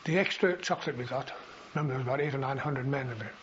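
This older man, a veteran interviewee, races through his memories in a medium-pitched, somewhat bright voice. His oral history account rambles, with frequent fillers and restarts, and the recording is dull and lo-fi with a faint hiss.

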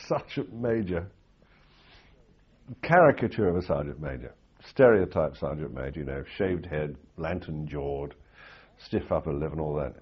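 A man's voice: rumbling low, husky, dull audio. An older man telling anecdotes in an interview, rambling with restarts and fillers. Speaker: interviewee recalling war reporting. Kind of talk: storytelling in an interview.

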